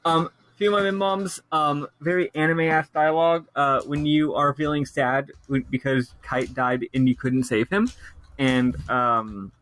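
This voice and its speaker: A man co-hosting a casual game podcast, talking in an animated way and laughing at his own complaints. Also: fairly high pitch, unhurried, a little hiss or hum. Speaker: podcast co-host.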